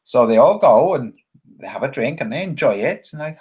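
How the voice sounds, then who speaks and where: Animated rambling man on a livestream. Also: a little fast, slightly rough. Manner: rambling, joking, reads chat comments aloud; acts out quoted voices with big pitch jumps. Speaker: livestream host. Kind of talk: casual livestream chat.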